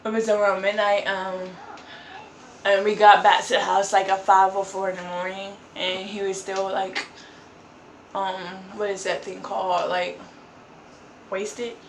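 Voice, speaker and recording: A woman vlogger speaks casually, wandering through her story with many "like"s and "um"s. Her delivery stays fairly flat at a mid pitch. The room adds a clear echo over faint background ambience. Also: measured pace, pauses often, a little hiss or hum. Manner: rambling, filler-heavy with frequent "like" and "um".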